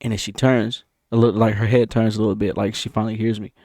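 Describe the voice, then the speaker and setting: A man casually telling a story about a dream, animated and repetitive, punctuating it with sound effects. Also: fast, dry recording, clean studio sound. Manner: animated, repeats himself, sound effects like boom. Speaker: vlogger.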